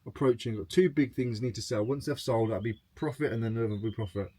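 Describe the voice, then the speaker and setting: A man's voice: mid-range voice, fast talker, a little mellow, no room sound. A man chatting casually to camera as a reselling vlogger, joking as he goes through his sales. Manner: chatty and jokey, reading out sales.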